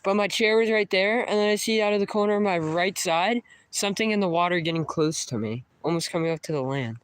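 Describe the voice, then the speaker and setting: A man's voice: high voice, a little fast, fairly bright tone, clear, resonant tone, no room sound. A young man vlogging a live stream outdoors in the woods by the water, talking casually, swearing a lot and startled by sounds.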